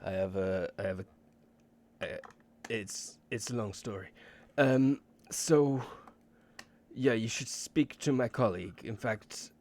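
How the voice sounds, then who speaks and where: A man puts on a fussy middle-aged German woman linguist for a tabletop game. She speaks with a German accent in slow, halting bursts and trips over her own titles. The voice sits a little higher than his usual low tone. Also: darkish tone. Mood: helpful.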